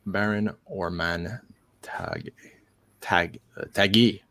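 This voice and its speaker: A man's voice: low-pitched, wildly swooping pitch, slow, vocal fry, fairly bright tone. A man with a Quebec French accent, hosting a livestream in rambling, laid-back chat and swearing freely. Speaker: livestream host. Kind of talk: casual chat.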